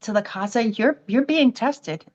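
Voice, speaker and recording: A woman's voice: fairly high pitch, unhurried, muffled recording. A woman from the United States, a podcast guest telling a personal story and acting out the voices of other people. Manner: animated storytelling, acts out quoted voices.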